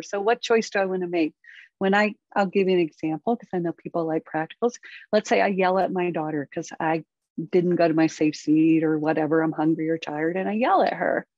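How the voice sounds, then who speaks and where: Woman, middle-aged, therapist, earnest, animated, dry close sound, slightly muffled. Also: mid-range voice, dry recording. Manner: earnest, animated, acts out inner dialogue. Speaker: therapist and parent coach. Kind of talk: conversational interview.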